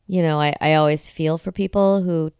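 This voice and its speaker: A woman's voice: low voice, fairly even intonation, normal speed, darkish tone, clear, resonant tone, no echo, studio quality. A woman co-hosting a podcast, chatting casually and teasing her husband, often laughing. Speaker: podcast co-host. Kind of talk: casual chat.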